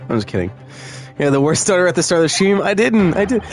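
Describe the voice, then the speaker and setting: A man's voice: a little high, fast talker, soft background music. A man chatting casually while streaming a game, jokey, self-mocking and swearing.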